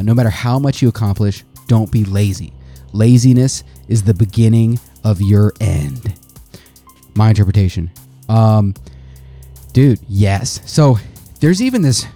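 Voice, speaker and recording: A young adult man hosting a podcast, reading quotes aloud and riffing on them in a profane, animated way. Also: fairly low pitch. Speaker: podcast host. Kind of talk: casual podcast commentary.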